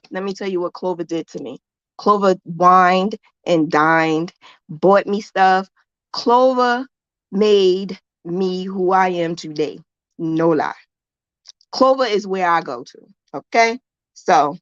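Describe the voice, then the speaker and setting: A woman's voice: medium pitch, a bit bright, dry recording, highs cut off. A woman hosting a casual crochet livestream, talking in a playful, chatty way and likening crochet hooks to a romance. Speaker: crochet host.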